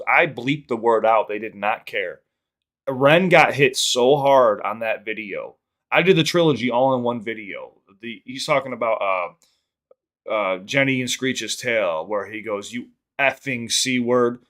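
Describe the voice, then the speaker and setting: A young man from the Chicago area hosts a live-streamed podcast, answering viewer comments off the cuff. His talk is loose and profane, with restarts and quick rambling asides. His voice sits at an ordinary middle pitch for a man. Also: a bit bright. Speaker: podcast host reading live chat. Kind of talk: casual live-stream chat.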